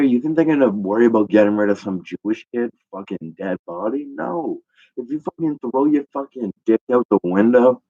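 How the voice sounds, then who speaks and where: A man's voice: low-pitched, a little mellow. A young adult male comedian telling a rambling, profane stand-up story, full of fillers. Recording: dull lo-fi recording.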